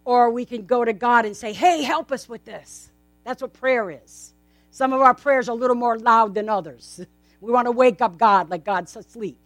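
In front of her assembled congregation, a woman delivers a sermon in a relaxed, conversational style, frequently throwing out rhetorical questions. Her voice sits on the higher side, and there's no room sound at all.

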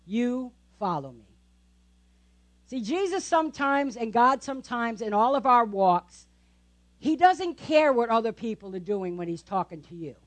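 A woman pastor preaching in a church, with a slightly higher voice. She talks with the congregation rather than at them and keeps tossing in quick tag questions. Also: animated. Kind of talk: sermon.

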